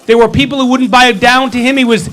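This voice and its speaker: A man's voice: very high voice, level tone, quick pace, a bit bright, low-quality recording. A man leading a congregation, retelling a scripture story in a playful, joking way full of wry asides. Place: synagogue hall.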